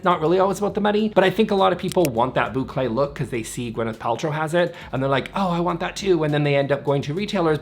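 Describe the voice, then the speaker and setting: A man reviewing home products in a vlog, animated and exasperated, with a sarcastic sense of humor. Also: fairly high pitch. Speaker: interior designer reviewing products. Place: seated in a chair indoors.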